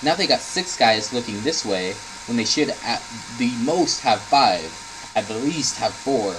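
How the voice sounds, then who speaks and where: A man's voice: mid-range voice, animated, unhurried, background noise. A man coaching a player by reviewing gameplay footage, blunt and instructive, repeating his advice and swearing now and then, sounding tired. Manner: swears in frustration. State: tired, yawning. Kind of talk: coaching commentary over gameplay.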